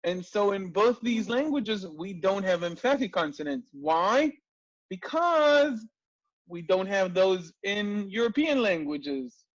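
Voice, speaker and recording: A man teaching an online language class, lively and full of rhetorical questions. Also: sits high, slow, no room sound, muffled recording. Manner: lively, asks rhetorical questions, frequent restarts. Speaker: language lecturer.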